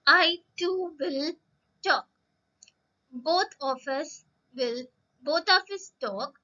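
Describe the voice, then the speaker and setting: A woman teacher giving a slow lesson to young children, drawing out words and asking them questions. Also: sits high, bright, forceful tone, lo-fi sound. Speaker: primary school English teacher.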